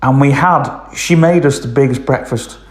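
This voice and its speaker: A man's voice: mid-range voice, moderate pace, roomy sound. A man telling a long casual story, rambling with lots of ums and "I says". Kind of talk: casual spoken anecdote.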